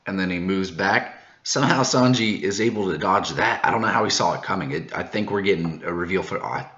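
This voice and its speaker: A man hosting a manga reaction video, recapping the chapter in a casual, excited way, laughing often and tripping over his words when he gets hyped. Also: low voice, fairly quick, reverberant, muffled recording. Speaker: manga reaction channel host.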